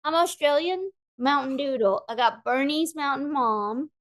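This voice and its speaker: A woman voicing a sweet, apologetic young female doodle dog in a high, soft puppy voice. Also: a little slow. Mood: sheepish.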